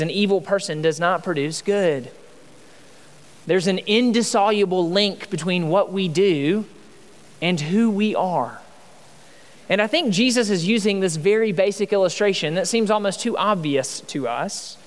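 A man in his thirties preaching a sermon as pastor, in a conversational style with many rhetorical questions. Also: sits high. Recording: long hall reverb.

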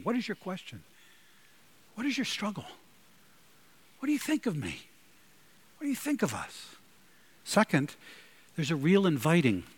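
A man preaching a sermon, emphatic and animated, with sudden loud bursts. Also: sits high. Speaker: pastor.

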